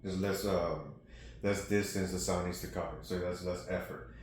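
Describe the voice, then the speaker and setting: A man giving a casual drum lesson, explaining steps in a steady, practical way and counting rhythms aloud. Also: low voice, moderate pace, heavy reverb, slight background noise. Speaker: drum instructor. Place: music studio room. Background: snare drum playing.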